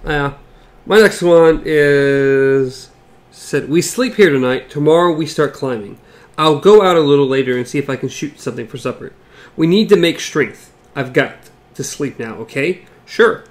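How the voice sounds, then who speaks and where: A man's voice: fairly high pitch, normal speed. A man co-hosting a casual book discussion podcast, playful, reading passages and squealing character lines for laughs. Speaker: podcast co-host.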